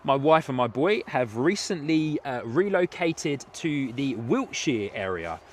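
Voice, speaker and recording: A man's voice: mid-range voice, big pitch swings, a little slow. An English man in his thirties hosting a live plane-spotting stream outdoors at an airport, chatting loosely with many fillers and laughs. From England. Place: outdoors at an airport, light rain. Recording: outdoor stream with faint background noise. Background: faint outdoor and vehicle noise.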